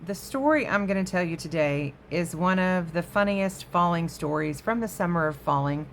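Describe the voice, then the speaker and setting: A woman's voice: on the low side, expressive, moderate pace, slight background noise. A woman hosting a crafting vlog from her home craft room, chatting casually to viewers and easily sidetracked. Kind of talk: casual show-and-tell chat.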